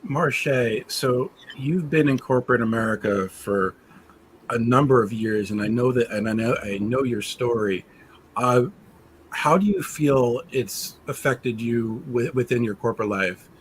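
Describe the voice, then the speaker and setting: A man's voice: mid-range voice, measured pace, slight background noise, rough recording. A man moderating a panel discussion, speaking in a casual and familiar way.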